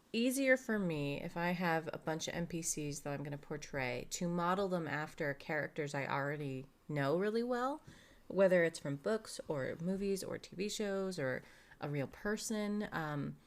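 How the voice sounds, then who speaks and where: A woman's voice: on the low side, measured pace. A woman co-hosting a podcast in casual chat, reading out listener questions and chiming in. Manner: reads out listener questions, chatty. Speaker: podcast co-host.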